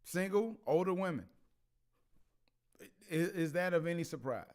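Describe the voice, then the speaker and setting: Man, vlog host, casual commentary, slightly high voice, frequent laughs, stammering restarts. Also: lively intonation, unhurried, a little mellow.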